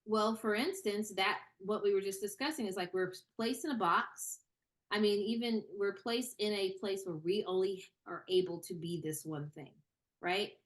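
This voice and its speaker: Casting: young woman guest, casual and animated, lots of "you know". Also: medium pitch, normal speed. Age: young adult. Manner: animated, many fillers and repeated starts. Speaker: screenwriter and actor, interview guest. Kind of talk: casual interview conversation.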